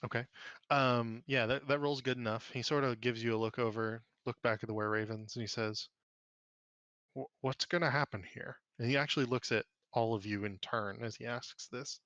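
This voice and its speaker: A man's voice: mid-range voice, fairly even intonation, a bit bright, no echo, muffled recording. Man running a tabletop game. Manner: voices characters in quick quoted lines. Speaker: game master.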